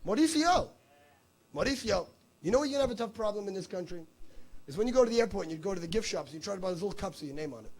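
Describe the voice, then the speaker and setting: A man doing stand-up crowd work, brash and teasing with a profane edge. His voice sits high for a man and swings widely in pitch, with a gravelly rasp. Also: animated, quick pace, pauses often. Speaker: stand-up comedian. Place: comedy stage before a live audience.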